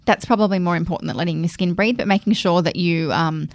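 A woman's voice: on the low side, quick pace. A woman co-hosting a podcast in casual chat, explaining beauty products in a matter-of-fact way. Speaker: podcast co-host.

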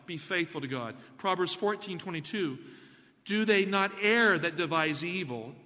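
A man preaching a sermon, animated, putting questions to the congregation. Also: high voice, long reverb tail.

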